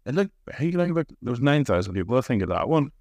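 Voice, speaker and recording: A Northern Irish man hosting a casual podcast chat, an animated storyteller who likes mimicking accents. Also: medium pitch, fast, no room sound, clean studio sound. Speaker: podcast host.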